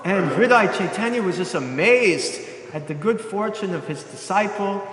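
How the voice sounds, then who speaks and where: High-voiced man telling a sermon story. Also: moderate pace. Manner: animated storyteller, acting out quotes. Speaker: preacher. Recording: echoey hall.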